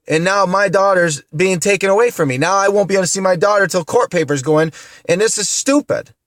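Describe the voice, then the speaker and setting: A man's voice: sits high, fast talker, fairly bright tone, no echo, studio quality. A man in his thirties from upstate New York, venting to the camera in an upset, indignant way, tearful and repeating himself. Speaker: vlogger.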